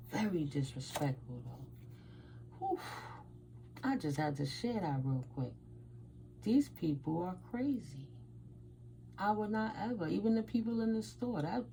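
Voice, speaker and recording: A woman's voice: on the low side, vocal fry, warm tone, a little hiss or hum, low-quality recording. A woman from the United States doing a casual tarot reading and telling stories, blunt and emphatic, with Spanish words mixed in. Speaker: tarot reader.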